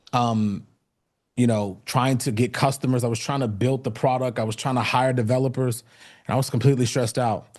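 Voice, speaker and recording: Man, motivational talk, event speaker, personal storytelling, frequent fillers and restarts, mid-pitched voice. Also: a little mellow. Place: event stage.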